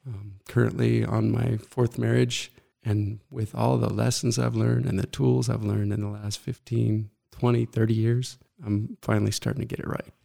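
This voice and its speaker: A middle-aged man telling his own story as an interview guest, earnest and halting, often pausing to reflect. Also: on the low side, flat delivery, gravelly, warm tone.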